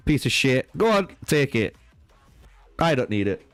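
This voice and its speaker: A young man streams a strategy game live, his medium-pitched voice sing-song and measured, with long pauses, no echo, and faint music underneath. He swears constantly and trolls with chat, lurching between rage and laughter in profane banter as he plays.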